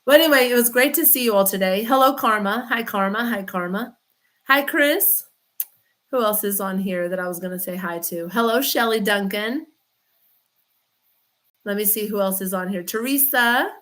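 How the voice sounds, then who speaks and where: A woman's voice: medium pitch, moderate pace, fairly bright tone. A woman, a chiropractor chatting casually on a livestream, rambling and greeting viewers by name. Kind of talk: casual livestream chat reading comments.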